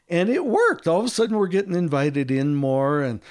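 Animated American man telling stories. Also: normal speed, hardly any pauses, no room sound, studio quality. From United States. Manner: animated storyteller, acts out quotes with big pitch jumps. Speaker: guest, ministry author. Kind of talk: storytelling in a podcast interview.

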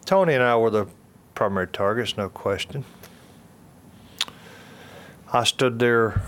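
A man's voice: on the low side, a bit bright, a little hiss or hum. An older man telling a personal testimony in an earnest storytelling way, repeating phrases and restarting sentences. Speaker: speaker giving a testimony.

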